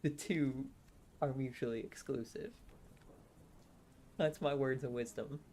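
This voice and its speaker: A woman with a low voice and a sore throat riffs casually on a live stream. She giggles often and rambles, restarting her sentences as she goes. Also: fairly even intonation, measured pace, warm tone, a little hiss or hum. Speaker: streamer reading a novel aloud.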